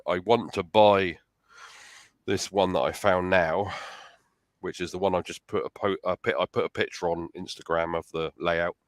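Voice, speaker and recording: Deep-voiced man rambling hesitantly. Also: dry recording, clean studio sound. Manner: rambling, hesitant with many fillers. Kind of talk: casual live-stream chat.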